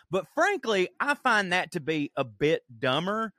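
Male podcast co-host; bright, slightly high voice, dry studio sound; lively, profane storyteller. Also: normal speed, hardly any pauses, dry recording. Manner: animated, profane storytelling with acted-out quotes. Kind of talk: casual storytelling chat.

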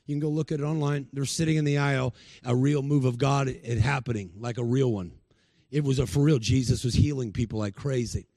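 A man's voice: mid-range voice, steady tone, fairly quick, warm tone, no echo. A male preacher giving a sermon, telling stories and acting out the people he quotes. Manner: storytelling, acts out the people he quotes.

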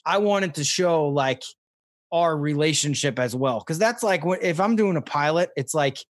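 A young man from Missouri telling stories in a casual interview, rambling and excitable with many fillers. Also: on the high side, moderate pace, dry recording, clean studio sound. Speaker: podcast guest, fishing show host.

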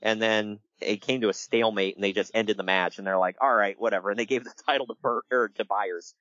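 A man hosting a casual podcast, telling stories in an animated way and laughing along. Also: fairly low pitch, dry recording, muffled recording. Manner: animated storytelling with laughs and quick impressions. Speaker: podcast host. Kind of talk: casual wrestling podcast chat.

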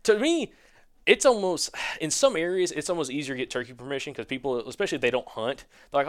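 A man's voice: mid-range voice, animated, quick pace. A man on a hunting podcast telling a long casual story, rambling with many fillers and restarts. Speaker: podcast co-host.

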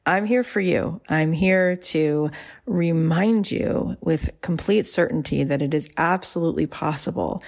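A woman's voice: low-pitched, measured pace, gravelly, darkish tone. A woman podcast host addressing her listeners directly with an encouraging sign-off.

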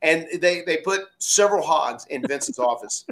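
A man's voice: a little high, normal speed. A middle-aged man casually telling stories on a podcast, acting out quotes and laughing often. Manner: animated, acts out quotes loudly, laughs often. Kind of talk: casual storytelling.

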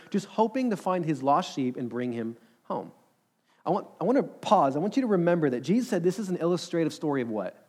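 Earnest preaching man, slightly high voice. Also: a little mellow. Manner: earnest, conversational preaching with rhetorical questions. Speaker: pastor. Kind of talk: sermon.

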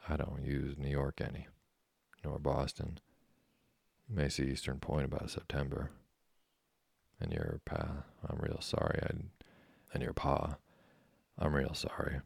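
A dry, gruff old fishing-boat skipper drawls in folksy speech, as a man reads him aloud. The voice sits extremely low, with a gravelly, husky edge and almost no rise or fall. The close, dead-dry sound keeps every grain of the rasp up front. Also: a little mellow, no echo, full character voice. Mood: dry, unhurried. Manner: slow, folksy rural dialect. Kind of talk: audiobook character reading.

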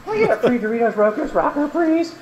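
A man playing a costumed talking dog, ordering at a fast-food counter with a silly high sing-song voice. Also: big pitch swings, background noise. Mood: goofy. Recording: echoey restaurant room recording.

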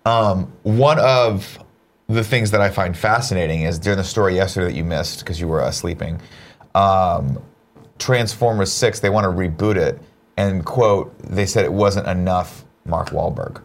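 A man's voice: deep voice, moderate pace. A man hosting a casual comedy chat show, sarcastic and joking. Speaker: host.

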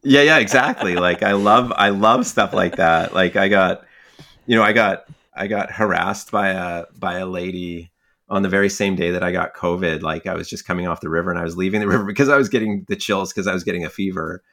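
A man's voice: low voice, a little fast, sharp tone. A young man telling stories casually in a conversation, rambling with many filler words and frequent laughs. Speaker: guest, fly angler and magazine writer.

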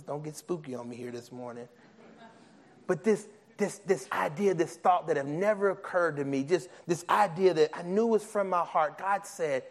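Animated male preacher, slightly high voice. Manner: animated, acts out biblical characters and his own thoughts, many restarts. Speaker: pastor. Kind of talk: sermon.

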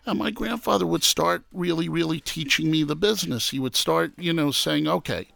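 Man from New York, gravelly lively storyteller, dry close sound. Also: a little high, normal speed, no room sound. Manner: animated storyteller who acts out quoted voices. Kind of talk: casual storytelling interview.

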